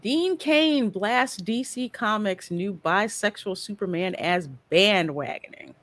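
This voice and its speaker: A woman's voice: mid-range voice, expressive, slow, fairly bright tone, no room sound. A woman hosting a casual livestream chat about movies and reading out viewer comments. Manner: chatty, reads viewer comments aloud. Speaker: livestream host.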